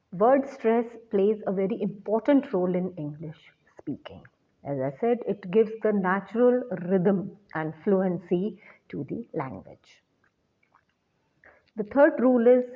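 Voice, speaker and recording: Woman teacher, measured lecture, unhurried delivery, muffled low-fi sound. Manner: measured and deliberate, repeating points. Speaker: English teacher. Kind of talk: slow lecture. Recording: dull lo-fi recording.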